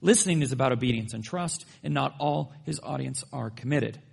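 Gravelly-voiced man preaching a sermon. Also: medium pitch, fairly quick. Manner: storytelling, playful humorous asides. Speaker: pastor.

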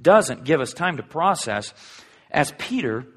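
A man preaching a sermon in a conversational way, asking the listeners rhetorical questions and swinging between loud and hushed delivery. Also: fairly high pitch, very animated, measured pace, breathy edge. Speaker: pastor.

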